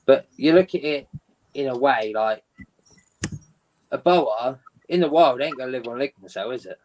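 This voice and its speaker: A man's voice: mid-range voice, expressive, normal speed, long pauses, a little mellow, poor audio. A man chatting casually as a guest, rambling and informal. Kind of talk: casual chat.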